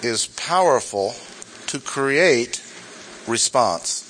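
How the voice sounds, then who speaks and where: A man's voice: medium pitch, expressive, very slow, a bit bright, slight background noise. A male pastor preaching a sermon in a church, emphatic, repeating key points and asking rhetorical questions.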